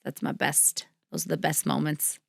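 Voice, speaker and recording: A young woman hosting a podcast, telling a story in a casual way, animated and laughing often, her voice jumping high when excited. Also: normal speed, gravelly. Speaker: podcast host.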